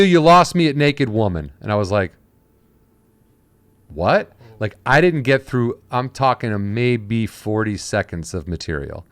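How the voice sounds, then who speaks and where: A man's voice: lowish voice, no echo. Man telling stories, dry close sound. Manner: storytelling, acting out quoted voices. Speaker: podcast host. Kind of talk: casual podcast chat.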